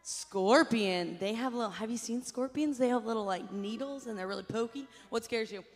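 A woman with a fairly high voice leads a children's chapel service, animated and coaxing as she gets the kids to repeat lines back to her. Her voice carries a long reverb from a church hall. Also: moderate pace.

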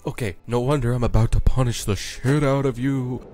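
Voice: medium pitch, fairly even intonation, brisk, dark tone, soft background music, close to an everyday voice. A performer voicing a crude, taunting little villain ghost pony in an improvised comic fan dub. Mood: menacing.

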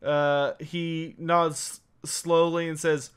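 A man narrating as game master of a tabletop game, halting often with fillers. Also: fairly high pitch, bright, forceful tone, clean tone. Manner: halting, lots of uh.

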